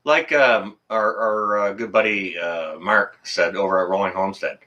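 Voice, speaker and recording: Male stream host, heated and indignant, bright forceful voice, swears then apologizes. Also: lowish voice, fairly even intonation, moderate pace, highs cut off. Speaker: livestream host. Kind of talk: heated livestream rant.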